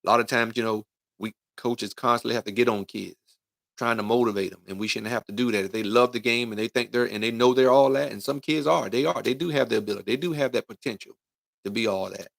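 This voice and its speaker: Talking at a quick pace with vocal fry and a medium pitch, a middle-aged man who coaches youth football delivers a folksy, preachy motivational talk over a livestream, with no room sound. He speaks directly to parents and kids, leaning on "right?" and "man."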